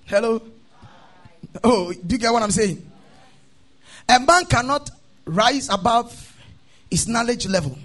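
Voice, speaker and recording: A man preaching a sermon, chanting his lines in a sing-song cadence, calling the congregation to repeat after him, then dropping into a quieter teaching tone. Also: very high voice, animated, takes it slowly, long pauses. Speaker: pastor.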